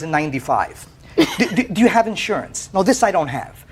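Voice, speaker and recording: A man testifying as plaintiff on a courtroom show, telling his story in an animated way, often stammering and repeating words. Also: high voice, a little fast, slightly rough. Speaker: plaintiff in a TV small-claims case. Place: TV courtroom set.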